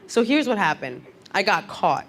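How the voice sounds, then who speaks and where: A woman's voice: mid-range voice, sing-song, normal speed, fairly bright tone. A woman performing a stand-up comedy set, acting out the people she quotes with big jumps in her voice.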